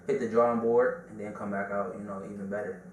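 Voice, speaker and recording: Easygoing man, low voice, roomy hiss. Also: level tone, quick pace. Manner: easygoing, plugs his clothing brand. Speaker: podcast guest. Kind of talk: casual chat. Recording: echoey room, distant mic, audible hiss.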